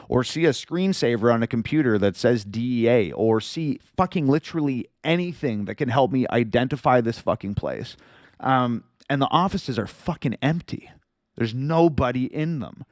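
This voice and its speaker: A man spins a tense story on his livestream, swearing freely as he goes. His voice sits in an ordinary middle pitch. The sound is dry and close, with no room echo. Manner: profane, animated storyteller. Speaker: livestream host. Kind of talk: casual storytelling.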